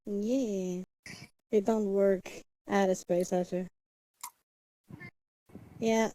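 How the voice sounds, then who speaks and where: A woman's voice: mid-range voice, steady tone, very slow, warm tone, no room sound, rough recording. A woman livestreamer in casual chat, muttering to herself as she sets things up and humming nonsense syllables. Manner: chatty, mutters to herself while setting up; hums and sings nonsense syllables.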